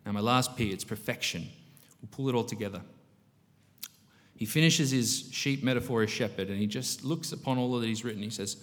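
A man preaching a sermon as pastor, animated and swinging between loud emphatic bursts and quiet reflective stretches. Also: lowish voice, a little fast. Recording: long hall reverb.

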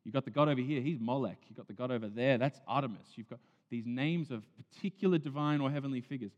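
Male pastor, earnest sermon delivery, hushes to near-whispers then swells; dull, reverberant hall sound. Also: mid-range voice, fast.

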